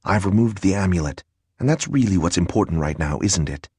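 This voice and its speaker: A man reading a hushed, anxious young man. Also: deep voice, lively intonation, brisk, breathy edge, dry recording, studio quality, exaggerated voice. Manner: hushed, worried. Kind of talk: audiobook character voice.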